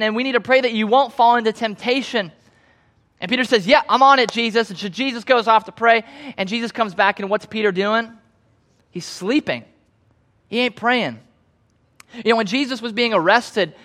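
High-voiced young man preaching conversationally. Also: a bit bright. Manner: conversational storytelling, acting out quoted voices. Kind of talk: sermon.

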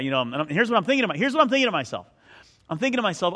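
A man's voice: high-pitched, very animated, racing, fairly bright tone. A middle-aged male pastor preaching a sermon, telling a self-mocking personal story in a conversational way.

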